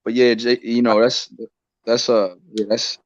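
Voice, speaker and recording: A man from Houston, relaxed and slangy in a casual group chat. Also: medium pitch, a little slow, dry recording, dull audio.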